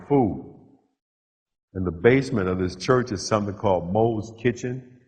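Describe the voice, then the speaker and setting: Husky man telling his story in a hall. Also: lowish voice. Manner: punchy short phrases with dramatic pauses. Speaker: motivational speaker. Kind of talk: storytelling keynote speech. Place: large hall with a live audience. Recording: dull lo-fi live hall recording.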